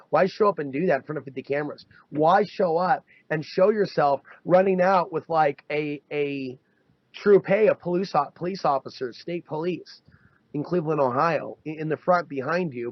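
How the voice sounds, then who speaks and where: A man with a fairly high voice co-hosts a podcast at a moderate pace, chatting animatedly and mimicking people in mocking quoted voices. The dull, dry, lo-fi audio has no echo.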